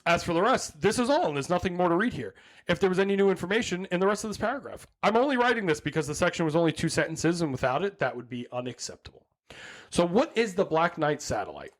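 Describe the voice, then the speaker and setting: High-voiced joking podcast host. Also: male voice, animated, fast. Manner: jokey, laughs often, reads notes then riffs. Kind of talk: casual comedic podcast chat.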